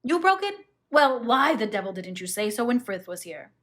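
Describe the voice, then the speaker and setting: A woman voices a wealthy, brusque husband in a storybook reading, speaking curtly and with a hint of impatience. He sounds short-tempered but offhand, in a voice pitched about at her own middle. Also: animated, fairly bright tone, close to an everyday voice. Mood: exasperated. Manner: curt, brisk and exasperated.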